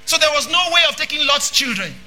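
A man preaches with a high, piercing, bright voice. He repeats phrases for emphasis and often rises into a shout. Soft music plays underneath. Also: lively intonation, fast. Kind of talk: sermon.

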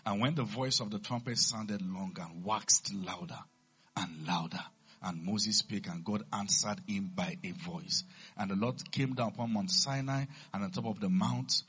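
A man preaching a sermon, reading scripture low and measured, then building to loud, high-pitched shouts. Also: slightly rough.

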